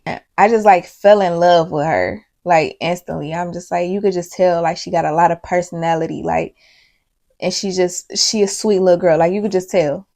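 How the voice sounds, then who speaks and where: Gravelly young woman telling a story. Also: lowish voice, normal speed. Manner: casual, profane, animated storytelling. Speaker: vlogger. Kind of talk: storytime vlog.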